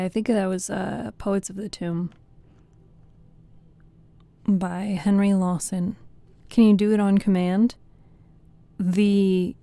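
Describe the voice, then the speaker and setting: A woman streamer reading bedtime poems in a soft voice, then chatting with viewers in a rambling way. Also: on the low side, no echo. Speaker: storytelling streamer.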